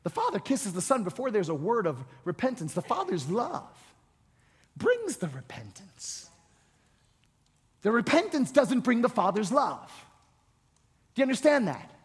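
A man's voice: high voice, huge pitch swings, a little slow, pauses often, husky. A male pastor preaching a sermon, emphatic and repetitive, often restarting words as he presses a point. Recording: reverberant hall.

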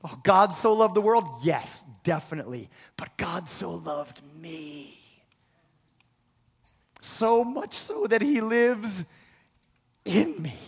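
High-voiced preaching man. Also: sing-song, slow pace, vocal fry, long pauses, slightly rough, in a large hall. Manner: emphatic preaching, swings between hushed and shouted lines; leads the congregation in call-and-response. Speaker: pastor. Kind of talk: sermon.

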